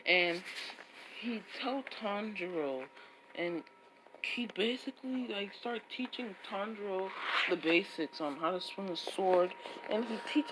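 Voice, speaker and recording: Slow, rambling woman spinning a fan story. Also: medium pitch, background noise. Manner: rambling, with restarts and "would be like" tags. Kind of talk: improvised fan story narration.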